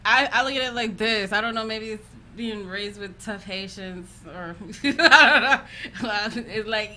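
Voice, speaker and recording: A woman's voice: medium pitch, unhurried, bright, forceful tone. A young woman guest in casual podcast chat, confident and playful, laughing often.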